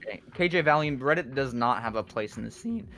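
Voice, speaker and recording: A man's voice: mid-range voice, lively intonation, brisk, fairly bright tone. A young man, a guest music producer, chatting candidly on a podcast and rambling with lots of fillers. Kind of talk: casual podcast chat.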